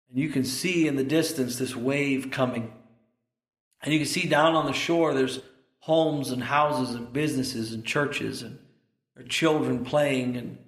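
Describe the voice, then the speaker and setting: A man preaching a sermon as pastor, impassioned and building to shouted peaks. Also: mid-range voice, roomy sound.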